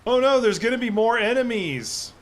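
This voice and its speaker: A man's voice: very high-pitched, expressive, moderate pace, slight background noise. A man livestreaming a game, giving casual, rambling commentary and swearing freely as he plays. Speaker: gaming livestreamer.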